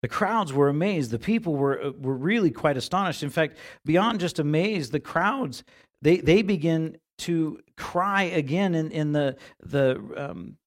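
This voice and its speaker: In a church sanctuary, a pastor preaches a sermon in an expressive, unhurried voice on the high side. He talks conversationally, often repeating words while he searches for the right phrasing.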